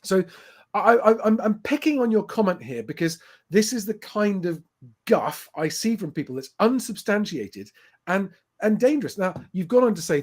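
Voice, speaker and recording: A man's voice: high voice, lively intonation, normal speed, darkish tone. Emphatic man rebutting comments. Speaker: host. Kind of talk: casual live-stream commentary.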